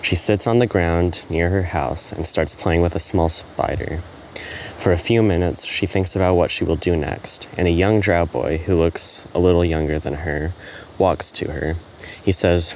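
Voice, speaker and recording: Very deep-voiced man reading a story. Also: fairly even intonation, moderate pace, a little hiss or hum. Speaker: narrator. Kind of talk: reading a self-written story.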